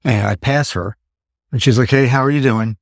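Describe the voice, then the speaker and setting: A man in his fifties hosts a casual podcast and tells his story with animated asides, voicing his own thoughts as he goes. His voice sits at an everyday middle pitch, and the sound is dry and close with little room. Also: normal speed, no echo. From Pennsylvania. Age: 50s. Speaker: podcast host.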